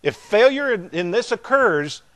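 An older man with a Southern American drawl delivers a sermon. His voice sits a little high, and he stretches and repeats words, swelling louder on the points he wants to drive home. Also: very animated. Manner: emphatic, drawn-out delivery that swells in loudness on key words. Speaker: preacher.

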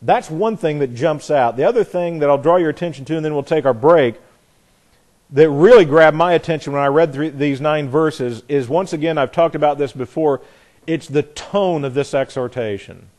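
A man's voice: fairly high pitch, normal speed, a little mellow. A man teaching a Bible class in an earnest, emphatic way, piling up repeated phrases and often correcting himself mid-sentence. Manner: frequent restarts and self-corrections.

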